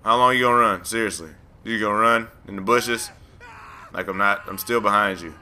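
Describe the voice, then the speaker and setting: A man's voice: on the low side, moderate pace, bright, forceful tone. A man hosting a let's play, rambling, teasing and talking back to the game as he plays. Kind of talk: joking gameplay commentary.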